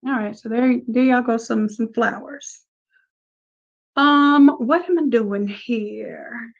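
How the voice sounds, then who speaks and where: Woman, design instructor, live class; casual and chatty, narrates each click; a bit high-pitched; muffled stream audio. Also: takes it slowly, vocal fry. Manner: casual, chatty, talks through each step. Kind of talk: live screen-share tutorial.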